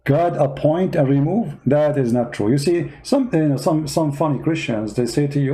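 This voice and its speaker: A man's voice: a little high, normal speed, hardly any pauses, warm tone, poor audio. A man with non-native English giving online commentary, arguing his point with rhetorical questions. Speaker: Christian commentator.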